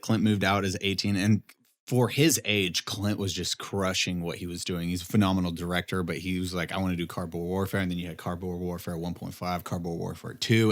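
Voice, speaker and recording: A young man, a podcast guest, telling a story in casual chat and acting out what people said. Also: deep voice. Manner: animated storyteller, acts out quotes with big jumps up.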